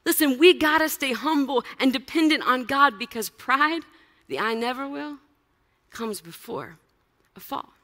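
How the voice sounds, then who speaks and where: A woman pastor giving a sermon in church, telling the story with animated, casual asides. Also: high voice, normal speed, in a large hall.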